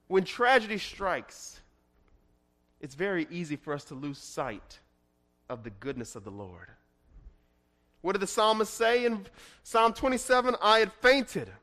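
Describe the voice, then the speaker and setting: Preacher, male, high-pitched voice; builds from quiet reflection to forceful proclamation. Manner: swings from hushed to emphatic; reads scripture aloud in a dramatic way. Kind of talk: expository sermon.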